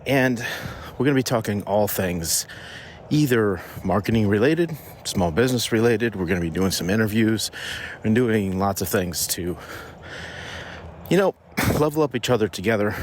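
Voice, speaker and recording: On a morning walk outside, a man hosts a laid-back business podcast, his voice fairly low-pitched with a faint hiss or hum. He's slightly winded from walking and rambles loosely, often restarting his sentences.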